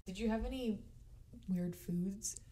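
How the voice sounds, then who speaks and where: A young woman co-hosting a casual chat, telling childhood stories in a lively way and acting out what people said. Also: medium pitch, measured pace, a little hiss or hum. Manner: animated storyteller, acts out quotes. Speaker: podcast co-host.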